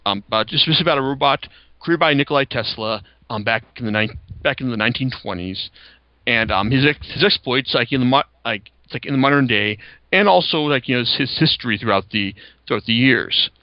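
A man's voice: medium pitch, animated, a little fast, no echo, highs cut off. A young man hosting a podcast, chatting casually about comics with lots of fillers and restarts. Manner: rambling, many fillers and restarts. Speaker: podcast host.

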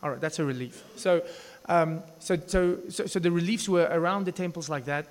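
A man with a slightly high voice delivers a sermon in a storytelling way, breaking into quick asides and restarting his sentences. His voice rings with the long reverb of a large hall. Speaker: preacher.

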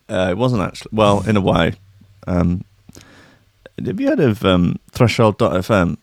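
A man's voice: fairly low pitch, very animated, moderate pace, dry recording, studio quality. A man hosting a casual comedy show, talking in a sweary, rambling and sarcastic way. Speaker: host.

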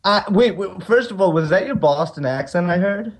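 A man's voice: high voice, animated, normal speed, slight background noise. A man co-hosting a podcast, casual and teasing, dropping "dude" often. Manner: teasing, says dude a lot. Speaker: podcast co-host. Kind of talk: casual chat.

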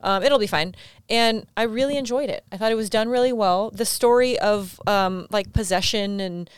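Chatty woman co-host with a clear voice. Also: mid-range voice, normal speed, no room sound, studio quality. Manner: chatty, teasing. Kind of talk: casual chat.

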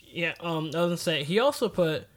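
A man co-hosting a podcast, chatting casually with relaxed restarts and fillers. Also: a little high, fairly quick. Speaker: podcast co-host. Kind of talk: casual chat.

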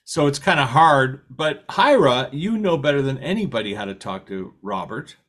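A male host chats with his guest in an easy, conversational way. His pitch moves around a lot as he talks, and he keeps prompting her with questions. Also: moderate pace. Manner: animated, asks many questions. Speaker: podcast host. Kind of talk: casual conversation.

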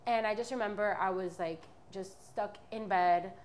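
A woman's voice: mid-range voice, moderate pace, slight background noise. A woman in her twenties giving a candid, rambling personal testimony as a podcast guest. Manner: candid, rambling, many fillers and restarts.

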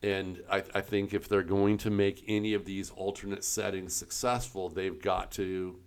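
Man with a very low voice, podcast co-host, rambling, lots of ums and uhs. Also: level tone, normal speed. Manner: rambling, searches for words with many fillers. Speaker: co-host, game store staff. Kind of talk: casual podcast chat.

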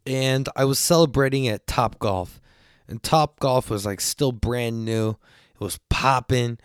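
A man's voice: mid-range voice, unhurried, clear, resonant tone, no room sound, studio quality. A man past his twenties hosting a podcast, telling a story in a loose, rambling way, full of swearing and asides. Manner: animated when quoting others. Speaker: podcast host. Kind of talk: casual storytelling.

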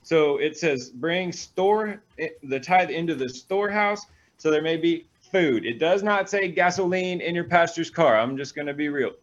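A man, a pastor, reading scripture aloud and breaking off into energetic, animated stories with quick asides. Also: a little high, lo-fi sound. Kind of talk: reading scripture and preaching in a talk show.

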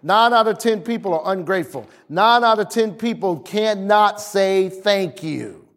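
A man preaching as a pastor, slowing for emphasis and acting out family scenes. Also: high-pitched. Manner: lively preaching, slows for emphasis, acts out family dialogue. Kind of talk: sermon.

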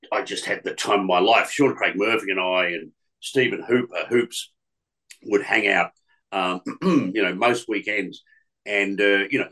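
Aussie radio guy telling old stories, lowish voice with a bright forceful edge, keeps restarting. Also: low-quality recording. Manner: rambling, many restarts and fillers. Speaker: radio presenter guest. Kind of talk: casual storytelling interview.

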